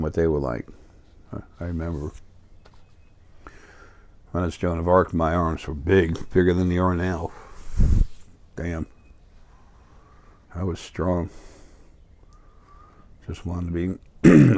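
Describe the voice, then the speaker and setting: A middle-aged man with a New York accent rambles through a casual spiritual monologue, stopping often on fillers and restarting his sentences. His voice sits very low. The sound is dry and close. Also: darkish tone, no echo. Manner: meandering, many fillers and restarts. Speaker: spiritual video host.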